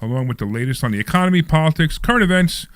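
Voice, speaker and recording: A man hosting a live call-in radio show, talking fast and joking with his co-host. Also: fairly high pitch, animated, dry recording. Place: radio studio.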